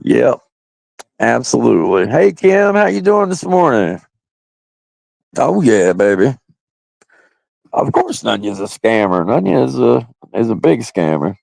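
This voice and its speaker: A man with a heavily gravelly, fry-laden voice talks to his livestream viewers in a loose, crude, rambling way. His pitch swings around a lot as he goes, and the sound is dry and close, with no room around it. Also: very animated, a little slow, pauses often, a little mellow, no echo. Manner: crude, loose and rambling, often breaking into laughs. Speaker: livestream host. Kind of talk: casual live-stream chat with viewers.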